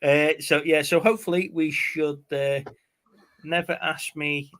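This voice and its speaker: A man co-hosting a movie live stream talks with a fairly high, steady, slightly bright voice at a measured pace. He's chatty and rambling, spinning stories full of fillers.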